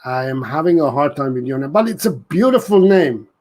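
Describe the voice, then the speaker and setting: A man's voice: fairly high pitch, animated, a little fast, a little mellow. A man hosting a live dog-training Q&A, talking earnestly and often restarting his sentences. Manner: earnest, repeats and restarts, reads out viewer comments. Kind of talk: casual live-stream Q&A.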